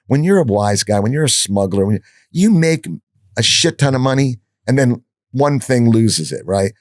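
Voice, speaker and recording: A man's voice: medium pitch, moderate pace, no echo, clean studio sound. An older man guest on a podcast, telling stories bluntly and with profanity, acting out the dialogue he quotes. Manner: animated storyteller, acts out quoted dialogue. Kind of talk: storytelling in an interview.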